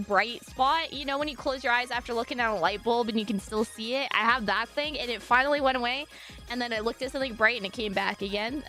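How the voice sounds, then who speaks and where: During a live stream, a woman talks casually with her audience, her voice shifting from excited squeals to low mumbles.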